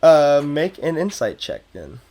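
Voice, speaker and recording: A man narrating as game master of a tabletop game, in a relaxed, rambling way. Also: fairly high pitch, unhurried, a little hiss or hum.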